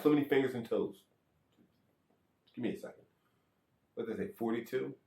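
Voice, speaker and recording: A man's voice: medium pitch, a little fast, creaky, echoey room. A man giving a casual, rambling how-to on checking an electric skateboard, counting threads and bolts aloud, correcting himself and joking as he goes.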